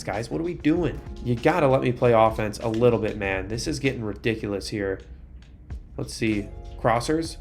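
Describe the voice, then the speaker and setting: Excitable young man commenting on gameplay. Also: mid-range voice. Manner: excitable, exasperated outbursts at the game. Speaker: gaming YouTuber.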